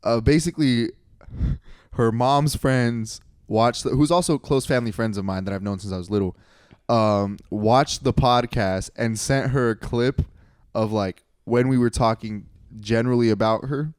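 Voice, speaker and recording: A young man in his twenties, co-hosting a comedy podcast, spins a rambling story and keeps correcting himself, getting animated whenever he quotes his friends. His mid-range voice moves at a normal speed and sounds smooth, captured in a dry, studio-quality recording.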